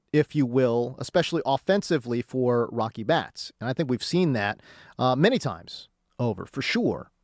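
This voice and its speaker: A man hosting a sports radio show, hyped and jokey, swinging between loud bursts and calm stat talk. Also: a little high, no room sound, clean studio sound.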